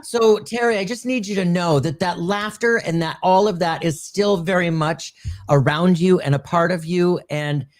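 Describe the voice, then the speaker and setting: Guy medium doing a live reading, kinda high voice, soft and affectionate, laughs a lot. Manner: gentle, affectionate, calls the viewer darling and my dear; laughs often, halting restarts. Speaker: psychic medium host.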